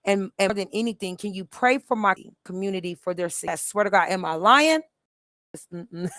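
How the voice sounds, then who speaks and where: A middle-aged woman tells a story on a live stream in a lively, emphatic voice that keeps starting over. She sits close to the mic and the sound is dry, with no room around it. Her pitch sits in a middle range. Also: a little slow, pauses often, no room sound. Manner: animated, emphatic storytelling with many restarts. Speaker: host.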